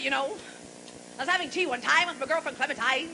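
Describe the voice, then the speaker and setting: A woman's voice: high-pitched, fast, poor audio. A woman doing salty, bawdy stand-up patter on a live stage, acting mock-forgetful between jokes. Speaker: stand-up comedian and singer. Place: large live venue, boomy room. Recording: live concert recording with loud audience noise. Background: live audience noise.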